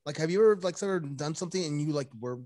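A man's voice: on the high side, expressive, racing, darkish tone. A man co-hosting a podcast, asking hesitant, hedging questions in casual interview chat. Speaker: podcast co-host.

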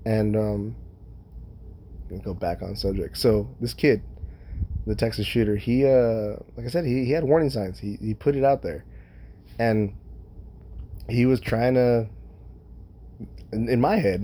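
A man hosting a podcast alone, talking in a profane, rambling, animated way with his own kids in mind. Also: mid-range voice, husky. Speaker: podcast host. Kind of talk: casual solo monologue.

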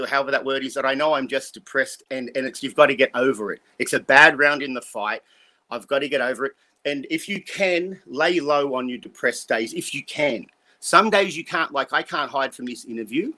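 Forceful and bright in tone, this man's mid-range voice moves fairly quickly. A guest in his fifties, he gives a blunt, rambling, profane motivational talk about life lessons in a casual interview, swearing freely.

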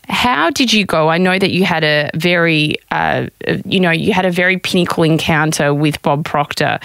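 A woman hosting an interview, asking admiring questions with a few halting fillers. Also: deep voice, fairly bright tone, clean tone, no echo. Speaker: interview host.

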